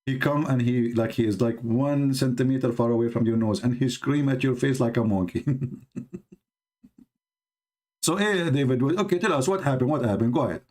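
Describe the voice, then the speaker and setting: A man's voice: medium pitch, normal speed, a little mellow. Sarcastic Arabic-accented man on a live stream. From Middle East. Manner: mocking, rhetorical questions, broken English grammar. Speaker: host of a religious debate live stream. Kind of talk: sarcastic live commentary on a video.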